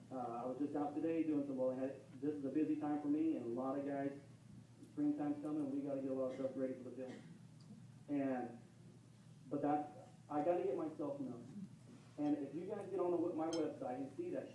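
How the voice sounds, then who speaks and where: A young man giving a folksy, earnest campaign speech at a club meeting, with halting restarts. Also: on the high side, phone-quality sound, slight background noise. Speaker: congressional candidate. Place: meeting room. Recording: echoey room, mic far off.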